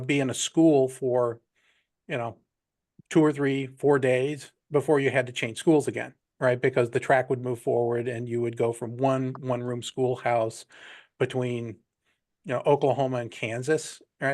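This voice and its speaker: A man's voice: medium pitch, flat delivery, normal speed, a little mellow. A man hosting a casual group video call. He wanders through his points and leans on "you know" and "right" again and again. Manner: rambling, with many "you know"s.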